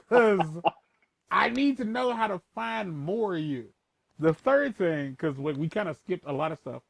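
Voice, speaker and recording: Brief: crude, rambling man in casual chat, gravelly and a bit high, dry close sound. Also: expressive, unhurried, no room sound. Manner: profane, rambling, switches between a higher playful voice and a lower formal one.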